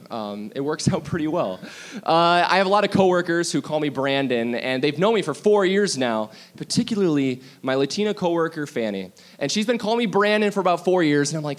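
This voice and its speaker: Young male comic, high-pitched, rambling and self-deprecating stand-up. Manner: rambling, self-deprecating, drops to mock-low voice for asides. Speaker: stand-up comedian. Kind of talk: stand-up comedy set. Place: bar stage with audience.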